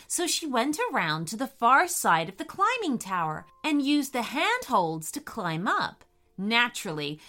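Gentle, expressive woman storyteller. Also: on the high side. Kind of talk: bedtime story reading.

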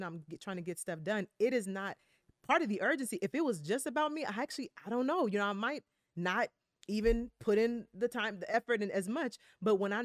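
A woman's voice: medium pitch, no echo, clean studio sound. Earnest woman guest speaking reflectively. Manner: earnest, reflective, many fillers and affirmations. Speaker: podcast guest. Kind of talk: casual chat.

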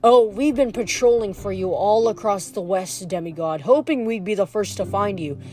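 A woman voicing a menacing male werewolf king, speaking with a low, snarling menace in a read-aloud story. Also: moderate pace, dark tone, close to an everyday voice.

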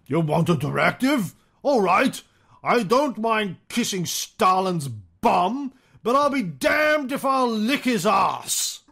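A gruff, blunt old British statesman, worked up and exasperated, as a man puts on the voice. The pitch sits fairly high and the sound is a little distant from the mic. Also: very animated, slow, exaggerated voice. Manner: blunt, exasperated, shouted punchline.

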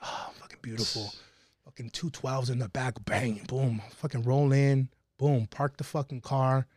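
A man's voice: medium pitch, fairly even intonation, moderate pace, darkish tone, slightly rough, no room sound, clean studio sound. A man telling a profane, laughing story in casual podcast talk. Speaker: podcast guest.

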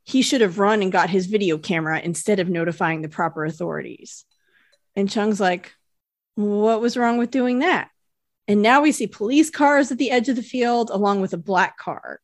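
A woman co-hosting a podcast, retelling a TV episode scene by scene in relaxed, casual narration. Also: medium pitch, brisk, no echo, clean studio sound. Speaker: podcast co-host. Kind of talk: casual recap chat.

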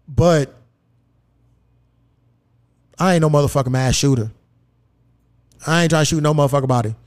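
A man hosting a podcast, telling a story in casual, profane chat and acting out the dialogue. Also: fairly high pitch. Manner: profane, animated, acts out quoted dialogue. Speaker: podcast host. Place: podcast studio.

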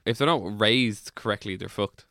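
A man's voice: fairly low pitch, normal speed, pushed and bright, no room sound. A man co-hosting a podcast, chipping in with dry teasing remarks and reading quotes aloud in casual comedic chat. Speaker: podcast co-host.

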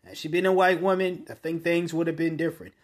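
A man hosting his own podcast, speaking in a blunt, opinionated monologue that often restarts mid-sentence and rises into forceful bursts. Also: fairly high pitch, little pitch movement, fast talker. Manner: conversational with frequent restarts. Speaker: podcast host.

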